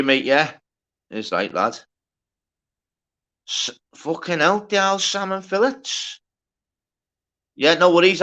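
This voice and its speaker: A man's voice: fairly high pitch, pushed and bright. A man hosting a casual livestream, reading out the chat, greeting viewers by name and bantering with plenty of swearing. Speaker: livestream host.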